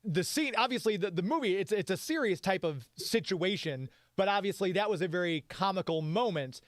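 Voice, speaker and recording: High-voiced male host, dry close sound. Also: lively intonation, dry recording. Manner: encouraging, with quick agreeing interjections. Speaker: radio show host. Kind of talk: casual interview chat.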